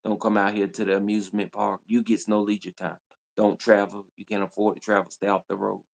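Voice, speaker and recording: A man delivers a scolding, repetitive rant to his livestream viewers, hammering the same lines over and over. His voice sits very low, with a gravelly rasp. He sounds confrontational and relentless. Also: little pitch movement, fairly quick. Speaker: livestream host. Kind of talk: ranting livestream monologue.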